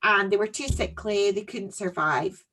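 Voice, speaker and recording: A woman co-hosting a podcast, telling stories in casual chat with animated delivery and frequent laughter. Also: mid-range voice, unhurried, slight background noise. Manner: animated storytelling, laughing often. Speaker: podcast co-host.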